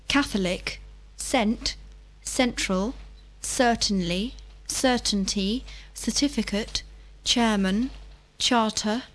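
A woman reading a vocabulary list for learners with clear, careful enunciation. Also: fairly high pitch, rough recording. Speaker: vocabulary reader.

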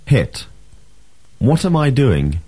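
A man teaching a language lesson, reading drills and asking questions with clear, emphatic delivery. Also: medium pitch, big pitch swings, slow, mellow, no room sound.

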